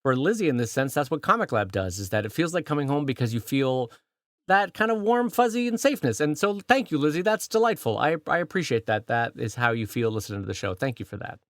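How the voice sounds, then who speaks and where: A man co-hosting a podcast, chatting in a playful, animated way. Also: medium pitch, fast talker, no echo, studio quality. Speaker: podcast co-host. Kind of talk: casual chat.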